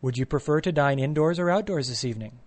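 A man's voice: a little high, lively intonation, fast talker, a little mellow, close to an everyday voice. A man voicing a formal, fussy male maitre d' who keeps offering choices. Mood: courteous. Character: overly polite male restaurant maitre d'.

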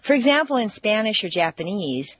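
Husky American woman teaching pronunciation. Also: mid-range voice, sing-song, a little fast, no room sound, muffled recording. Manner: melodic, exaggerated intonation in spoken examples. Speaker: accent coach. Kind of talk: scripted instructional narration.

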